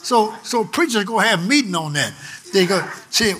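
An older man preaching a sermon, shouting with emphasis and then dropping suddenly quiet. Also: high-pitched, animated, moderate pace, heavy background noise.

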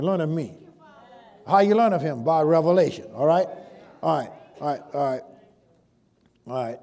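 A man delivers a sermon in a slightly raised voice. He talks his listeners through scripture in a loose, conversational way. Then he slows and swells loud on the key words. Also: a little high. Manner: preacherly, drawn-out emphasis on scripture with sudden loud swells. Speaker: pastor.

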